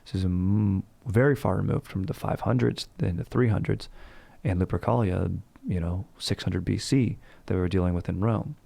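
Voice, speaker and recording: A man's voice: sits low, normal speed, vocal fry, warm tone, dry recording. A man hosting a casual comedic history show, rambling and slangy, cursing freely. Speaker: history podcast host.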